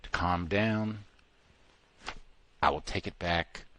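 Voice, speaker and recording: A man hosting call-in talk radio, animated and mocking, laughing often as he riffs on a caller's story. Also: sits low, takes it slowly, a little hiss or hum. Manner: animated, mocking voices of others, frequent laughter. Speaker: radio show host.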